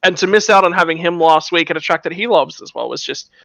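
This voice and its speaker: A man's voice: fairly high pitch, quick pace, vocal fry, sharp tone, dry recording, poor audio. A man co-commentating a sim racing broadcast, earnest and emotional, repeating himself. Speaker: race co-commentator.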